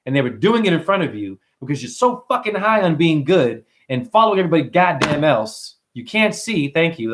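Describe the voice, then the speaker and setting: Profane, animated male livestream ranter. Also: fairly high pitch. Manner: intense, swearing, preachy, addresses viewers directly. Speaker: numerology teacher and livestream host.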